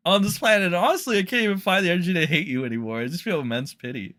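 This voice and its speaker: A man streaming casual commentary with a bright, forceful voice that sits a little high. He mocks and swears as he reads out posts, and his talk often climbs into loud rants. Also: fast talker. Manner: profane, mocking, rising into loud rants. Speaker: streamer reading tweets.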